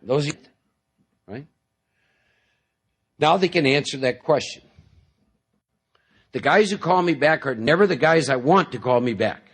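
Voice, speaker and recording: A man's voice: on the high side, expressive, a little slow, pauses often, a bit bright, slightly rough. A man speaking as a guest at a recovery meeting, talking in a conversational, joking storytelling way and often checking in with the audience with "see?". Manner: jokey storytelling, acts out inner voices. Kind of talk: speaker talk to a live audience.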